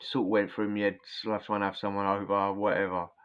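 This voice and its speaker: A man's voice: fairly low pitch, little pitch movement, quick pace, clear, resonant tone, lo-fi sound. A man telling prison stories casually to camera, rambling and swearing, often tagging lines with "yeah?". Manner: rambling, slangy, swearing, frequent "yeah?" tags. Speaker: vlogger recounting prison stories. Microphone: camera mic, talking to camera.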